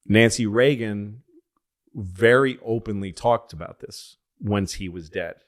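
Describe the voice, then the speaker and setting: A man with a fairly low voice tells a rambling political story on a casual podcast. He acts out the people he quotes, his voice leaping high and loud in their lines before settling back down. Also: a little slow. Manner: animated storyteller acting out quotes in excited higher voices. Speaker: podcast host.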